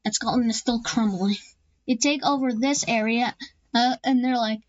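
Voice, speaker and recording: A woman's voice: fairly high pitch, normal speed, no room sound, dull audio. A woman casually narrating an alternate-history map video, rambling with lots of fillers and restarts and throwing in jokey asides.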